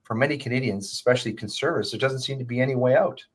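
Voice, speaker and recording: A man giving political commentary in a measured, explanatory way with hesitant restarts. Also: medium pitch.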